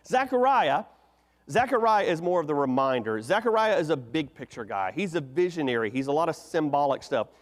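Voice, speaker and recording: A man's voice: fairly high pitch, fairly quick. Man preaching in an echoey hall. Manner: conversational preaching, animated rhetorical questions. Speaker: pastor. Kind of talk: sermon. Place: church sanctuary. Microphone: microphone.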